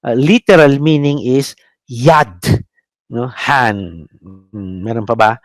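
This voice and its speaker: Speaking slowly in a mid-range voice, a Filipino-accented priest teaches biblical Hebrew in a classroom lecture, drilling pronunciation and ending sentences with "no?". He hesitates a lot, full of "uh" fillers and restarts; the recording has no room sound.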